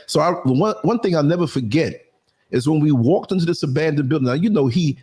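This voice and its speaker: An older man with a New York accent spins a long personal story on a podcast, slipping into the voices of the people he remembers. His voice sits a little high for a man and has a husky edge. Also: expressive, fairly quick, a little mellow. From New York City. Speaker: podcast host.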